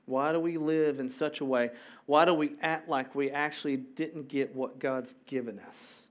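A man's voice: a little high, normal speed. A man preaching a sermon in a loose, conversational way, often checking in with the congregation. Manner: casual and animated, with asides to the congregation. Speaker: pastor.

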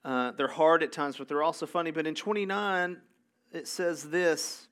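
A man's voice: on the high side, fairly even intonation, moderate pace, fairly bright tone, clear, resonant tone. A man preaching a sermon in a conversational way, reading scripture aloud and adding casual asides. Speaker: pastor.

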